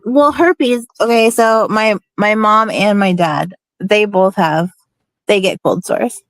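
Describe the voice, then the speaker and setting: A woman's voice: medium pitch, dry recording. A young woman with a feminine, youthful voice, rambling and laughing often in casual chat as a stream host.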